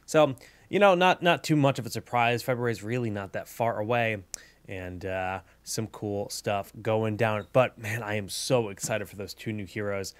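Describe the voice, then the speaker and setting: A man's voice: on the low side, moderate pace, no room sound. A man hosting a gaming channel, giving game news and a strategy guide in an upbeat, chatty way with lots of fillers.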